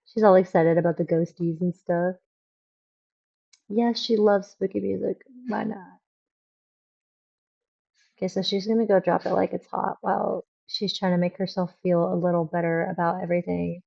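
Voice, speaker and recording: A woman's voice: lowish voice, little pitch movement, normal speed, gravelly, pauses often, mellow, husky, highs cut off. A young woman streaming a game, chatting casually and rambling with lots of fillers. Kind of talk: casual gameplay commentary.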